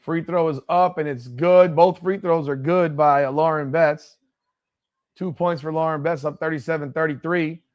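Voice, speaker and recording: High-voiced excitable man calling plays. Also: normal speed, dull audio. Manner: excitable, critical, cursing, heckling players. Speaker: watch party host. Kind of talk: live play-by-play commentary.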